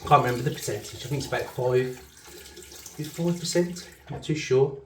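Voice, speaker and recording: A man's voice: mid-range voice, brisk, far from the mic, a little hiss or hum. Chatty Black Country man, echoey room. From Black Country, England. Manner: chatty, self-correcting, laughs easily. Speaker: shaving channel host. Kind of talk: casual rambling shaving commentary.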